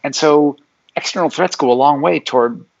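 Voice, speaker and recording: A man's voice: a little high, normal speed, creaky. A middle-aged man, a psychology professor talking as a guest in a casual interview, explaining ideas and acting out what imagined people would say. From Alaska, USA. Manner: explanatory, acts out imagined people's lines in quotes. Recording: dull lo-fi audio.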